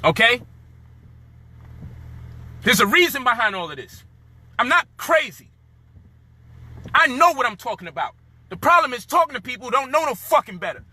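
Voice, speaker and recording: A man's high, very bright voice in a heated monologue. He rants with frustration, swears freely and lectures his listeners. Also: big pitch swings, normal speed, pauses often, no room sound. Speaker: commentator.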